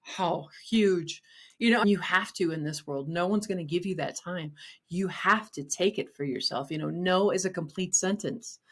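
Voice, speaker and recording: A woman's voice: lowish voice, normal speed. A middle-aged woman talking candidly and bluntly as an interview guest, with emphatic, casual phrasing. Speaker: guest, nutrition practitioner.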